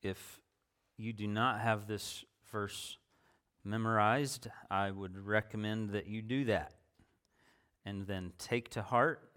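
A man preaching a sermon in a conversational way, slowing down and repeating phrases for emphasis and asking the listeners questions. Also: on the low side, fairly bright tone. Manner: slow, deliberate delivery with repetition for emphasis; conversational, with fillers and rhetorical questions.

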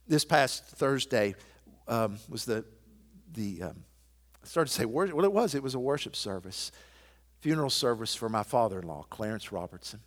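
A middle-aged male pastor preaching a sermon, telling stories and swinging from hushed to loud and emphatic. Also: mid-range voice, sing-song, normal speed, big-room sound.

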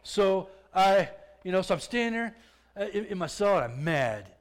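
A man giving a personal testimony in a conversational way, often restarting his words and growing louder as the story builds. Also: sits high, normal speed. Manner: conversational, repeats and restarts words, swells louder when excited.

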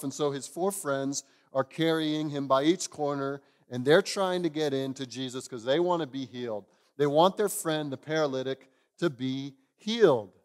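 A man, a pastor, giving an expository sermon, telling the story in an animated way and chuckling now and then. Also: a little high, big-room sound.

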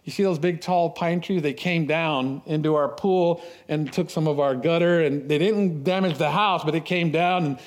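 Middle-aged guy preaching, slightly high voice, tells stories, laughs a bit, restarts words. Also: normal speed, hardly any pauses. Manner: storytelling, animated, with laughs and repeated words. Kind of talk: sermon.

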